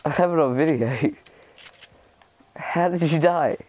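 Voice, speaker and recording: A man's voice: fairly high pitch, slow, a little mellow, rough recording. Teasing young guy gaming with a friend. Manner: laughing, teasing banter. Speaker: gamer recording his gameplay. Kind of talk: casual gaming chat.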